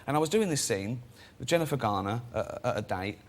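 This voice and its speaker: A man's voice: mid-range voice, lively intonation, brisk. A man, a guest on a chat show, telling self-deprecating stories and acting out the voices of people in them. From England. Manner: self-deprecating, acts out quoted voices, laughs at own stories. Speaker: guest comedian and director.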